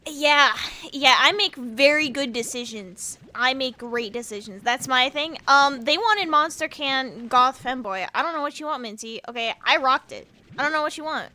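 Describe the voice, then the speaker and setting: Speaking at a normal speed in a high-pitched, pushed, bright voice, this young VTuber from the United States plays a video game on stream. She's chaotic and playful, laughing a lot and teasing her chat in easy, casual conversation.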